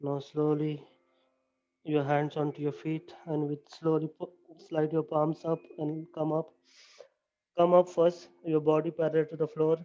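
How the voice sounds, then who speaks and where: A man leading a guided yoga relaxation, talking slowly and calmly with many "you know"s. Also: fairly high pitch, lo-fi sound. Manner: slow, calm step-by-step guidance with frequent "you know". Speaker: yoga instructor. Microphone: camera mic.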